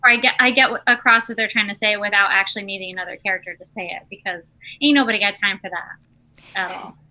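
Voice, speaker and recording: Bright-voiced woman chatting casually. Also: mid-range voice, fast talker, poor audio. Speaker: podcast co-host. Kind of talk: casual chat.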